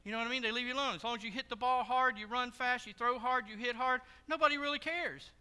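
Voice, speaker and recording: A pastor giving a sermon in a church, telling stories in a conversational, joking way. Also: male voice, extremely high pitch, quick pace, sharp tone, clean tone. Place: church sanctuary. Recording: long hall reverb.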